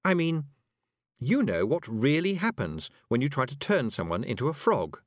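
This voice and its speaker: A man takes on a clever young witch girl, calm and sweetly cutting in a storybook reading. The lines move up and down with lively pitch. The sound is dry and close. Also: normal speed, dry recording. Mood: sly. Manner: cool, sweetly sarcastic. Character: sharp-witted young girl witch, cool and sly.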